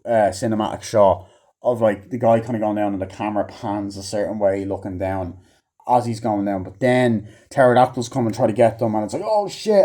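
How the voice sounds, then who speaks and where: A man's voice: fairly low pitch, dark tone. A man rambling through a casual, profane movie review, with offhand asides and many fillers.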